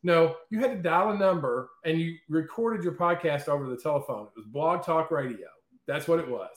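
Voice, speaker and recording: A man guest in an interview, telling stories in a lively, chatty way and often checking in with "okay?" and "right?". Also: a little high, fairly quick, echoey room. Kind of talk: casual storytelling in an interview.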